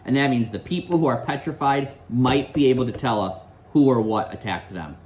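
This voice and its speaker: A man's voice: mid-range voice, a little fast, darkish tone. A male teacher reading a novel aloud to his class, quizzing students and explaining the story in a classroom.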